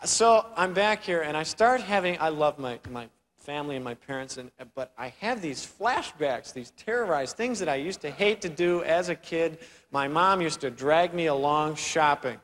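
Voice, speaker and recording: A young man doing an animated stand-up routine on a theater stage, acting out characters with voices and sound effects. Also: fairly high pitch, moderate pace. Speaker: stand-up comedian. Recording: live theater recording with crowd noise. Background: audience laughter.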